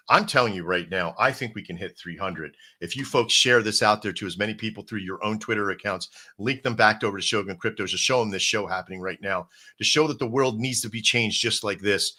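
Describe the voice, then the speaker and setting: Bright-voiced man giving a rambling pep talk. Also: fairly low pitch. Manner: rambling, coach-like pep talk with frequent restarts; addresses viewers directly as folks and brother. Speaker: crypto stream host. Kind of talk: casual livestream talk.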